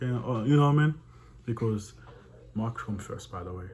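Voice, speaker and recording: A man reads from a study book in an ordinary mid-pitched voice, then stops to scoff at what he has read. His asides are full of sighs, short laughs and blunt dismissals before he carries on reading. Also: animated, normal speed, a little mellow. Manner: scornful, breaks off reading to mock the text; laughs and sighs between passages. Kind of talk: reading aloud with running commentary.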